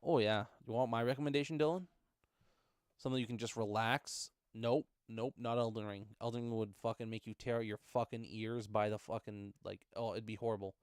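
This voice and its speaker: A man's voice: mid-range voice, steady tone, brisk, clean tone, no echo. Grumbling young gamer guy, dry sound. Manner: exasperated, grumbling, swears freely. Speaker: gaming streamer. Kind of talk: casual gaming chat.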